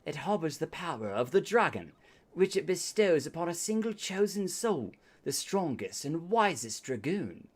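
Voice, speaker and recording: A man's voice: a little high, very animated, normal speed, pitched above the performer's own voice. A man voicing a grave older knight who once was a dragon-riding warrior, reading game dialogue aloud with a put-on English accent in a solemn, formal way.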